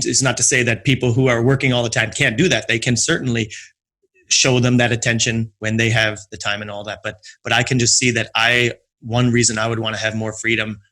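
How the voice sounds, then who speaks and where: Podcast host guy, mid pitch, rambles thru his questions, lots of restarts. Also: bright, forceful tone. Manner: thinks aloud, rambling questions with many restarts. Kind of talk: conversational interview.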